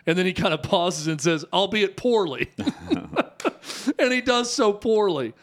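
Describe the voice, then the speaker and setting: A man's voice: sits high, expressive, a little slow, fairly bright tone. Chatty male sports radio co-host. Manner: chatty, amused, explains context. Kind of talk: casual sports talk.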